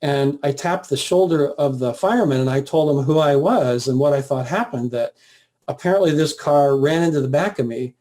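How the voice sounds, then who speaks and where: A man guest earnestly recounting a personal story in a plain, steady way, with the odd filler. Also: on the high side, normal speed. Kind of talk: personal testimony, casual storytelling.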